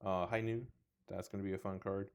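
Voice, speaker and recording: A man's voice: low voice, level tone, fairly quick, clean tone. A man chatting casually as he opens trading card packs, reading card names aloud and joking at his own expense. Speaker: card box opening host. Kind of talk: casual unboxing commentary. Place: indoors under two large lights.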